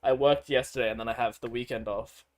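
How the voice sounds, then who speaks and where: A man's voice: mid-range voice, fairly even intonation, quick pace. Male streamer, casual rambling chat, profane, off-hand. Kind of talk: casual chat over gameplay.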